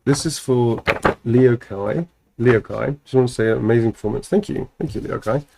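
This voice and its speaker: A man's voice: medium pitch, moderate pace, creaky, background noise. A man chatting casually on a livestream while signing autographs, playful and giggly, swearing freely.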